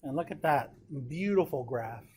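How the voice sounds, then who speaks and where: A man's voice: a little high, expressive, normal speed, a little mellow, husky. Upbeat man teaching a math class. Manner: casual, encouraging, checks in with students often. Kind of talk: classroom lecture.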